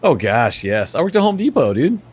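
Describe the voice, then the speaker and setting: A man's voice: mid-range voice, sing-song, fairly quick, a little mellow, breathy edge. A man co-hosting a podcast, easygoing and chatty, peppering his talk with "dude". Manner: laid-back, lots of "dude" and "you know". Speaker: podcast co-host. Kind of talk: casual chat.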